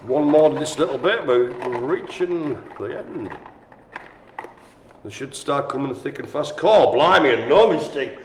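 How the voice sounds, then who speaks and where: A man's voice: fairly high pitch, animated, a little slow, noisy background. A man calling a live-streamed bingo game in an indoor room with a small audience, chatty and teasing. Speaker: bingo caller. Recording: echoey room.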